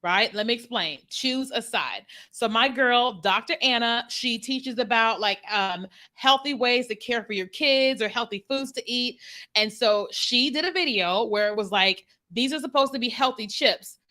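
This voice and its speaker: A woman's voice: on the high side, measured pace, pushed and bright. A woman marketing strategist talking casually and animatedly to her viewers, with laughs and asides. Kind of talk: casual direct-to-camera talk.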